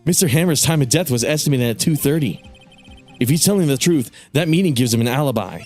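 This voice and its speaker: A man voicing an earnest young male defense lawyer, reading game dialogue aloud in a brisk, matter-of-fact way. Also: mid-range voice, lively intonation, a little mellow, faint music behind, close to an everyday voice.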